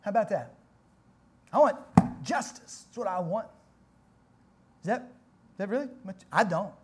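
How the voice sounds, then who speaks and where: A man's voice: high voice, expressive, unhurried, pauses often, a little hiss or hum. Brief: middle-aged male preacher, sermon delivery, dynamic volume swings, pointed rhetorical questions. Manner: dramatic swings from soft to loud, rhetorical questions.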